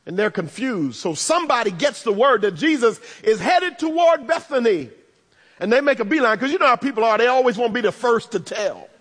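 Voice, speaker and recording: A man preaching a sermon, animated, with humorous asides and bursts of shouting. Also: very high-pitched, a little fast, long reverb tail. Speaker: pastor.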